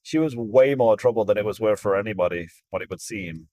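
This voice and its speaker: A man's voice: fairly low pitch, a little fast, warm tone, no echo. A man co-hosting a casual movie review podcast, mocking the film with laughs and swearing. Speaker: podcast co-host.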